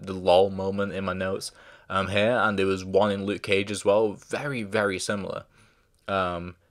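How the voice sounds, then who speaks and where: With a deep, fairly bright voice, a show reviewer talks casually and rambles, full of fillers and restarts. He keeps forgetting names and pausing to say sorry.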